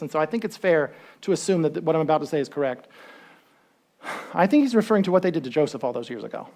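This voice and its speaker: A pastor giving a sermon in a conversational way, asking the listeners questions and acting out the story as it goes. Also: mid-range voice. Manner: animated storytelling, acts out quotes.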